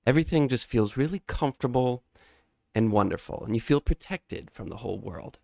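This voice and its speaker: A man's voice: mid-range voice, no room sound. A man with a mid-range voice in a podcast. He tells an elaborate, vivid story and then shifts into easy talk. The sound is dry and close, with no room around it. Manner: vivid storyteller, acts out panicked and calm voices in his telling. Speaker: podcast co-host. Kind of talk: casual podcast chat with a dramatic monologue.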